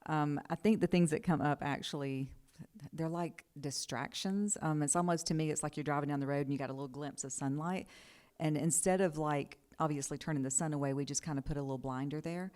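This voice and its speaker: Woman, low voice, rapid speech, explains with examples. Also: a little mellow. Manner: quick, explaining with acted examples. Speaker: panelist. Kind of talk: casual panel talk.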